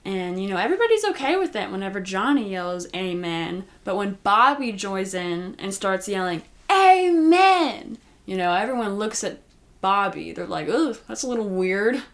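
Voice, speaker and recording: A woman's voice: medium pitch, animated, moderate pace, a bit bright. A woman giving a casual, chatty recap of a TV episode, with lots of "like" and "you know". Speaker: recap host.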